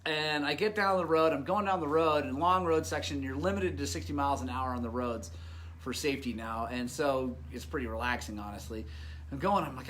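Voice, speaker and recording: A man in his thirties hosting a show, telling a long personal story in a casual, animated way and laughing often. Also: on the high side, normal speed, a little hiss or hum. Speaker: podcast host.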